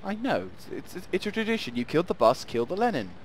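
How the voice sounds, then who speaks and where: A man hosting a casual gameplay commentary. He rambles, jokes and laughs as he goes. His pitch swings widely. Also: sing-song, quick pace, a little hiss or hum. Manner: rambling, playful, often laughing. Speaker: gaming channel host.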